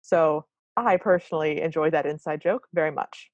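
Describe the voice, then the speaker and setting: A woman's voice: low voice, moderate pace, darkish tone, dry recording, lo-fi sound. A woman co-hosting a podcast, recapping a cartoon in a wry, apologetic, casual way. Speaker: podcast co-host.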